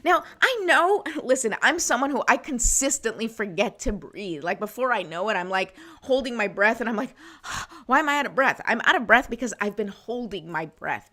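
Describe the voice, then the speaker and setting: A middle-aged woman hosting a live wellness show, talking in a casual, encouraging way and often checking in with listeners. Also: mid-range voice. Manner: warm, encouraging, conversational with frequent "right?" and "okay?". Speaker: host of a wellness livestream. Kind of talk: casual motivational talk to live viewers.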